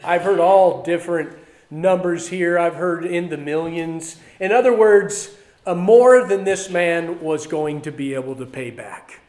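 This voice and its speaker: A male preacher giving a sermon, reading scripture aloud and commenting on it in a conversational way, swinging between loud emphasis and quiet asides. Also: sits high.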